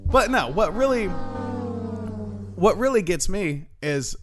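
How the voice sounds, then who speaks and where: A man's voice: sits high, slow, music in the background. A man co-hosting a podcast, telling stories in casual chat and swearing a lot. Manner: animated storytelling, heavy swearing. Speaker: podcast co-host.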